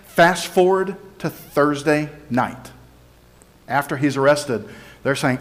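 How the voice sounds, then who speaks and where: A man's voice: fairly high pitch, slow. A male pastor giving a conversational, explanatory sermon and teaching from scripture, sometimes voicing the crowd and Pilate in quotes.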